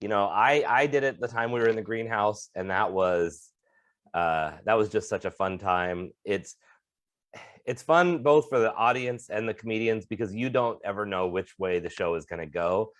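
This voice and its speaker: Thoughtful guy cohost, kinda low voice, talks it through, dry room. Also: moderate pace, a bit bright, no echo. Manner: earnest, thoughtful, supportive. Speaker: podcast co-host, comedian and motivational speaker. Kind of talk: casual chat.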